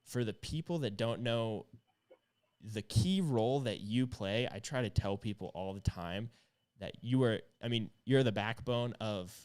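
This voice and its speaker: A man's voice: fairly low pitch, unhurried, darkish tone. A man hosting a casual livestream chat, upbeat and chatty with plenty of fillers. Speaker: livestream host.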